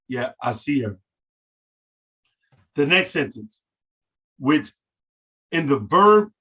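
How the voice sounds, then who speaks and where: Husky man teaching a language class. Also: medium pitch, sharp tone. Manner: repeats words slowly for drilling, overstresses sounds. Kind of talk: casual spoken lesson.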